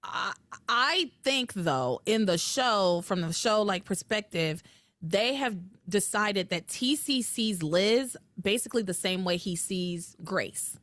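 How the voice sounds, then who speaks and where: A woman hosting a podcast, casually recapping a soap opera and acting out its dialogue in lively voices. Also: medium pitch, slow pace, no room sound. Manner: animated storytelling, acts out dialogue with voices.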